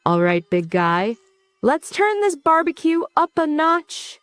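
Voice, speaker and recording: A woman's voice: sits high, big pitch swings, slow, fairly bright tone, no room sound, soft background music, voice pushed up, full character voice. A woman voicing a cocky young male villain who mocks his foes with sarcastic, teasing lines. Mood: smug.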